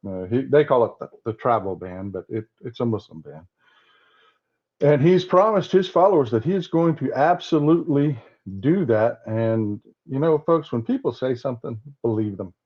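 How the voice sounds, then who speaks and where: A man's voice: medium pitch, animated, normal speed. A man with a Southern American accent hosts a livestream of political commentary. He talks bluntly and keeps circling back over his own words. His voice comes through a slightly dull, lo-fi recording. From Southern United States. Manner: blunt, repeats himself with many restarts.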